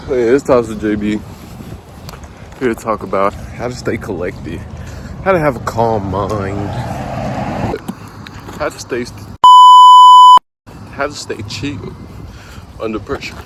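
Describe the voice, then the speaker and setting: A young man, out of breath, talking casually to his phone camera while walking outside. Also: on the low side. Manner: loose slangy banter, drawn-out greetings. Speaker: vlogger. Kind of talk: casual vlog talk to camera. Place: outdoors walking beside a busy road, windy. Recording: wind and traffic noise outdoors.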